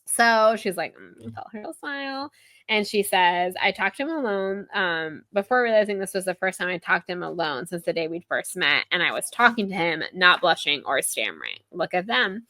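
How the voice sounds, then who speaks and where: A woman's voice: fairly low pitch, moderate pace, no room sound. A young woman hosting a podcast, casually recapping a book chapter and retelling scenes, with lots of "like" in her speech. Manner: chatty, heavy use of "like", animated retelling. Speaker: podcast host.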